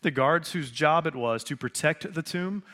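A man preaching a conversational sermon, asking rhetorical questions and pausing for effect. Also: fairly high pitch, sharp tone. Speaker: pastor.

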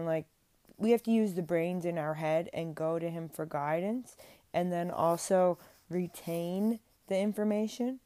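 Young woman rambling earnestly into her mic at home, kinda low voice, dry close sound. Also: warm tone, no room sound. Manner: earnest, rambling, with many restarts and "like". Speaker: faith vlogger. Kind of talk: casual spoken faith monologue. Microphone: speaking into a mic.

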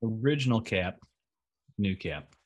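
A man's voice: fairly low pitch, animated, a little slow. An American man co-hosting a casual podcast, rambling with many fillers. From United States. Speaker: podcast co-host. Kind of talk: casual chat.

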